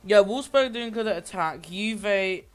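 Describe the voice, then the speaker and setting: Man, amateur football commentator, high and clear voice, loose self-correcting delivery, faint music underneath. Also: unhurried, fairly bright tone. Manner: rambling, with frequent restarts and self-corrections. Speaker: match commentator.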